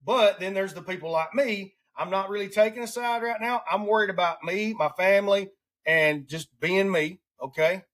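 Southern US male podcast host, fairly high voice, rambling and drawn-out, casual chat. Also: fairly bright tone. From Alabama. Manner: rambling, restarts often, drawn-out emphasis.

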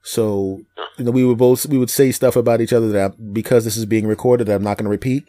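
A middle-aged man from Philadelphia chats casually as host, with no regional accent to his voice. He tells stories with animated energy, slipping into voices and laughing often. His pitch sits in the middle range. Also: fast talker. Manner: animated storyteller, slips into funny voices, laughs a lot. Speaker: podcast host and comedian. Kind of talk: casual chat.

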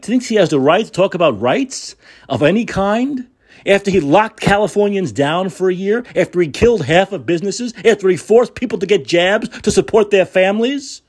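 A man's voice: high voice, darkish tone, slightly rough. A man hosting a political talk show, delivering an angry, sarcastic and profane rant.

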